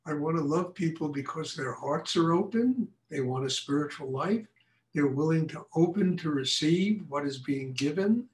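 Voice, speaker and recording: A man's voice: on the high side, moderate pace. Frank older man teaching in echoey room. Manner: frank, animated storytelling. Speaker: meditation teacher. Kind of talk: lecture and Q&A after meditation. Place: meditation class room.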